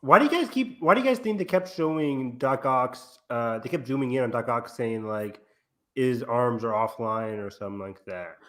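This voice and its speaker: A man co-hosting a casual movie review chat, animated and quick to laugh. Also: medium pitch. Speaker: podcast co-host.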